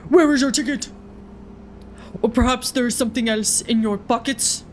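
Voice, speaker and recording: A stern, suspicious bus conductor from a horror game, read aloud by a woman in a fairly high voice. He demands tickets and gives cold, commanding orders. A faint hiss sits under the recording. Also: normal speed, darkish tone, close to an everyday voice.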